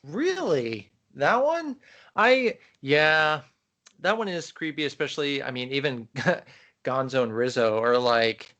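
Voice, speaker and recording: Man, podcast co-host, casual chat, animated, enthusiastic, middle pitch. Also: slow pace, dull audio. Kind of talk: casual chat about films.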